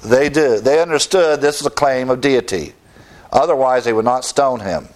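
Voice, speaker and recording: A middle-aged male preacher delivering a sermon, emphatic and rising in pitch when he presses a point. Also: moderate pace.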